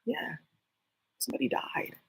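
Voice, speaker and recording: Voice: unhurried, low-quality recording. A vlogger talking in a casual, rambling, conspiratorial monologue full of fillers.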